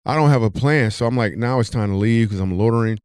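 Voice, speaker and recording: A man hosting a podcast, telling a comic story with animated delivery. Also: quick pace, clean tone, no echo, clean studio sound. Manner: animated, jumps high when telling the punchline. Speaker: comedian and podcast host.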